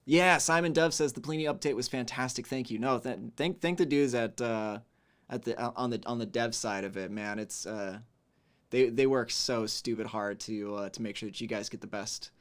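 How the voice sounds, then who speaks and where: In a mid-range voice at a moderate pace, a man runs a casual livestream. He says hello to viewers, reads their chat aloud, and hums between messages in an easy, talkative way.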